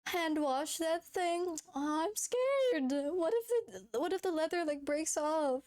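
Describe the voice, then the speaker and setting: A woman's voice: very high-pitched, expressive, slow, darkish tone. A young woman streaming, chatting casually with her viewers, giggling often and swearing freely. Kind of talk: casual chat reading viewer messages.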